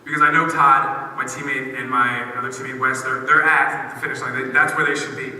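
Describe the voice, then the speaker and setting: A young man telling a story to students, animated and full of "like"s. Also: medium pitch. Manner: animated, quick storytelling with many "like"s. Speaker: guest speaker. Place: school auditorium. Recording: echoey hall, mic at a distance.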